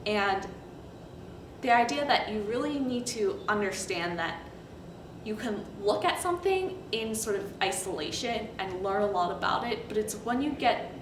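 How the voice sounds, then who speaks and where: A woman's voice: mid-range voice, expressive, normal speed. A young woman in her twenties, a recent graduate, casually reflecting in an interview. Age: 20s. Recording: echoey, distant, noisy.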